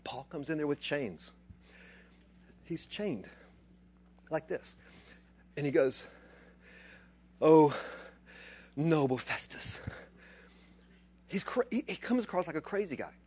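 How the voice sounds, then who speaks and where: Husky guy preaching, kinda high voice, goes quiet then gets loud and excited. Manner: swings between quiet asides and loud excited bursts. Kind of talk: animated sermon.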